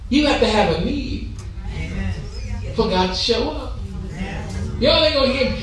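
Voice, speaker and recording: A man's voice: very high-pitched, animated, a little slow, long pauses, music in the background. A man preaching a Pentecostal sermon, chanting with rhythmic gasped "huh"s between phrases and stretching out key words in call-and-response with the congregation. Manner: shouting and drawing out key words. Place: church sanctuary. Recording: echoey church from far off.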